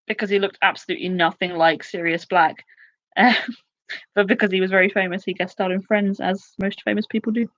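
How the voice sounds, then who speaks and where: A woman in her twenties hosting a casual live quiz, chatty and excitable, with quick asides. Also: medium pitch, lo-fi sound. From United Kingdom. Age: 20s. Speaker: quiz host.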